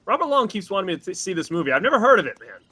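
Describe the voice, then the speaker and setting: A man with a high, lively voice hosts a live stream. His tone is bright and forceful. He sounds excitable, swinging his pitch widely as he fires off shout-outs to the chat. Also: racing. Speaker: host. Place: outdoors at night.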